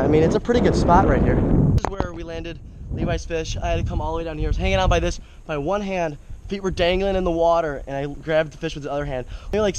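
Excitable young guy fishing outdoors. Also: on the high side, very noisy. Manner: excitable, exclaiming over each catch. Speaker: fishing vlogger. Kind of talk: casual outdoor commentary. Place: outdoors at a creek by a bridge. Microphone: action camera.

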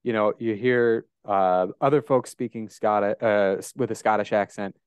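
A man's voice: lowish voice, moderate pace, clear, resonant tone, no echo, studio quality. A man hosting a podcast interview, chatting casually and rambling with lots of fillers. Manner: relaxed, rambling with many fillers. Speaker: podcast host.

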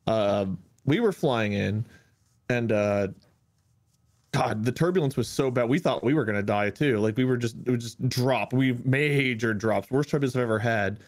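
A man's voice: mid-range voice, moderate pace. A man co-hosting a streamed podcast, telling an anecdote in casual chat and acting out the quotes with laughter. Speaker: podcast co-host.

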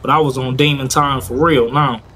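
A man's voice: medium pitch, fairly even intonation, normal speed, sharp tone, a little hiss or hum. Man with slangy, profane street storytelling. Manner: slangy, profane, keeps asking the listener. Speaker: narrator of a game-made crime story.

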